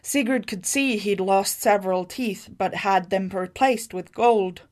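A woman narrating a fantasy short story in a measured, scripted reading. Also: medium pitch, darkish tone.

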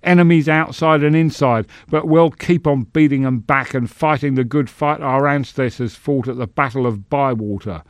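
A man's voice: mid-range voice, big pitch swings, normal speed, hardly any pauses, fairly bright tone, no room sound, clean studio sound. A man voicing a blustering, bloated halfling senator who rants in a bombastic stump-speech manner. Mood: rousing. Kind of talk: storybook reading.

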